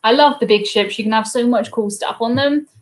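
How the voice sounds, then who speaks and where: A woman's voice: a little high, a little fast. A young woman with a Southern English accent hosting a casual live cruise Q&A stream from her home desk, chatting and answering viewers. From south coast of England. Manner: chatty, reads viewer comments aloud, coos at her dog.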